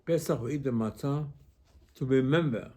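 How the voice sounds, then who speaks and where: Male rabbi, conversational Torah teacher, warm mellow tone, halting phrasing. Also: mid-range voice. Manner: conversational, asks rhetorical questions. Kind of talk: informal Torah class.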